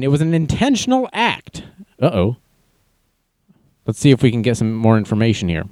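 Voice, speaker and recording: A man's voice: mid-range voice, expressive, normal speed, a little mellow, no room sound. A man casually reading news aloud and adding wry, jokey asides as an online commentator.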